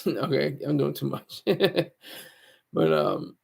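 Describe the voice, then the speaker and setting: A man's voice: medium pitch, very animated, slow pace, creaky, darkish tone, breathy edge. A man talking to his viewers as a YouTuber in a casual, rambling monologue, mocking himself and restarting his sentences often.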